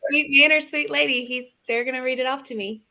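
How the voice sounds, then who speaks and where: A woman co-hosts a casual product demo and adds upbeat, giggly comments. Her voice is very bright and sits somewhat high. She sounds eager and sunny throughout. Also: steady tone, fast. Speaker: co-host. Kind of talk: live product demo chat.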